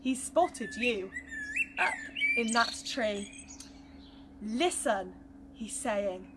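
A woman with a high voice tells a rhyming Bible story to young children, taking each line slowly and gently. Her delivery stays expressive and warm-paced for little listeners. Loud noise and birdsong sit behind the voice.

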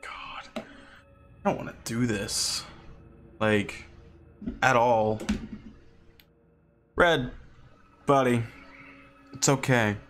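A man streaming a game from home, chatting casually and sarcastically with his chat, sometimes jumping into high yelps. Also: very slow, pauses often, fairly bright tone, a little hiss or hum. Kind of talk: casual livestream chat while gaming.

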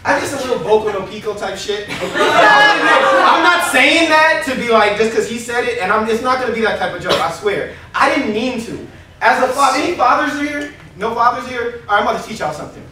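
High-voiced comedian from Los Angeles. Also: male voice, a little fast, slight background noise. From Los Angeles area. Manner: animated, laughs through lines, blunt and profane. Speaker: stand-up comedian. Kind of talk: stand-up comedy set. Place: small late-night convention comedy room. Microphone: no microphone, heard from a distance. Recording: echoey room from far off with crowd. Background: live audience laughing and calling out.

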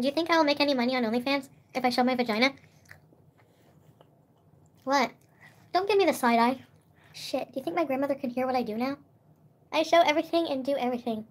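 A young woman livestreaming in a loose, rambling way, laughing often and eating as she talks. Her voice sits notably high, and she drifts between soft asides and bursts of giggling. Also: fast talker, long pauses. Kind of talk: casual livestream chat.

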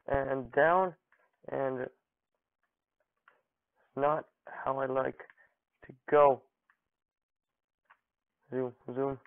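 A man's voice: medium pitch, steady tone, drawn-out words, vocal fry, long pauses, no echo. A young man commentating casually over his gameplay, joking and taunting opponents in mock-dramatic lines. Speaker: gaming channel host. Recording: dry, phone-like narrow audio.

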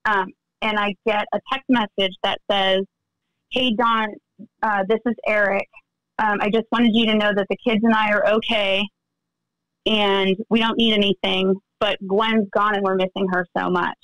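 A woman guest on a podcast interview, recounting events in an animated way and acting out the voices of others. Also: medium pitch, normal speed, no echo, low-quality recording. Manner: animated storytelling, acts out quoted dialogue. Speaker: interview guest, friend of the deceased.

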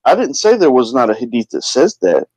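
A male caller in a call-in debate who speaks in a measured, defensive way and keeps asking questions back. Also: mid-range voice, wildly swooping pitch, a little mellow, slightly rough, no room sound.

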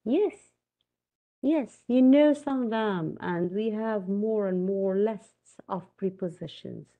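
Gravelly-voiced Egyptian woman teaching English. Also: mid-range voice, takes it slowly, phone-quality sound. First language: Arabic. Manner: mixes Arabic and English, quizzes students. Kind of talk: recorded lecture.

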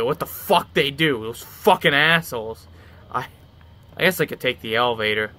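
Rambling, bright-voiced male gamer. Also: mid-range voice, slight background noise. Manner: rambling, swears freely. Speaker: let's play gamer. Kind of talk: casual gameplay commentary.

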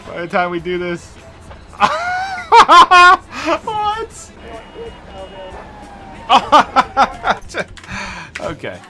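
A young man streaming a video game, laughing constantly, swearing freely and bursting out in excitement. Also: sits high. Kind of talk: casual gameplay commentary.

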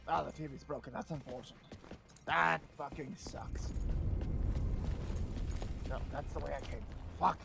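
A man voicing an arrogant, hot-headed alien warrior prince while playing a video game, swearing and shouting at it. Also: a little high, vocal fry. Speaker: let's-play gamer. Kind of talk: gaming commentary in character. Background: game music.

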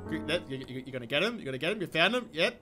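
A young man giving playful, excitable gameplay commentary, giggling and swinging between hushed scheming and loud outbursts. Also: a little high, racing, soft background music. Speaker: gaming YouTuber.

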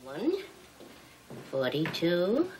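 A woman's voice: on the low side, wildly swooping pitch, extremely slow, warm tone, a little hiss or hum, full character voice, low-quality recording. Gushing, fussing mother. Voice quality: gushing, fussing, sing-song. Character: doting, chatty middle-aged housewife mother. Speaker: mother and housewife. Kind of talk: film drama acting.

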